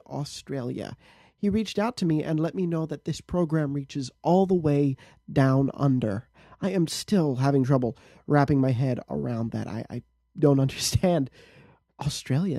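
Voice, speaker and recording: Jokey man hosting, warm dry tone. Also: fairly high pitch, moderate pace, no room sound. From United States. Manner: jokey, upbeat, lots of laughter. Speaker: podcast host. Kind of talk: casual interview.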